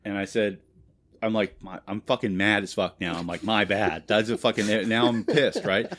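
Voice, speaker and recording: A man co-hosting a casual podcast, telling a long profane story with bursts of loud laughter. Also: fairly low pitch, moderate pace. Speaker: podcast co-host. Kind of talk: casual chat.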